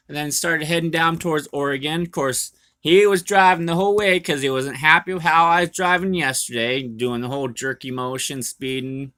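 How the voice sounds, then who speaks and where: A man's voice: on the high side, bright, forceful tone. A man who drives trucks, recounting his day in a casual, folksy, rambling way with lots of restarts, talking from home. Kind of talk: casual storytelling vlog. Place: indoors at home.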